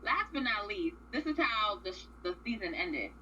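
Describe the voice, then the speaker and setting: A woman's voice: medium pitch, very animated, moderate pace, pushed and bright, muffled recording, slight background noise. A woman co-hosting a radio show, casually recapping a reality series in a blunt, profane, opinionated way.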